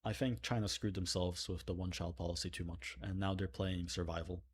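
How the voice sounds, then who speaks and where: A man's voice: low voice, fairly even intonation, a little fast, slightly rough. A man hosting a livestream in casual chat, reading donations aloud with joking asides. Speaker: livestream host.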